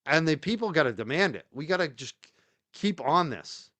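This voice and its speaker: A man's voice: a little high, very animated, normal speed, pushed and bright, no echo. A man hosting a live stream, giving rambling, opinionated commentary with frequent restarts and fillers. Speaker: show host.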